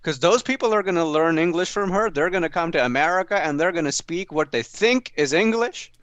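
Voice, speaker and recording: A man's voice: fairly high pitch, lively intonation, fairly quick, a bit bright, clean tone, no echo. A man doing a sardonic stand-up set at a small open mic, mocking people with put-on voices. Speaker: stand-up comedian.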